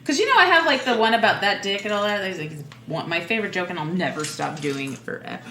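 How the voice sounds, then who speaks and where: Woman comedian guest, bright tone, loose playful rambling, roomy sound. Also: medium pitch, lively intonation, fast talker, faint music behind. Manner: playful, rambling, full of fillers. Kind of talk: casual chat. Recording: echoey room.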